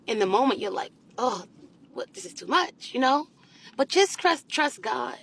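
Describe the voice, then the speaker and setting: A woman's voice: sits high, sing-song, moderate pace, vocal fry, no room sound. A woman life coach giving an earnest, preacher-like motivational talk about faith, repeating phrases and calling her viewers y'all. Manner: drops to a soft, hushed voice when speaking to abuse survivors.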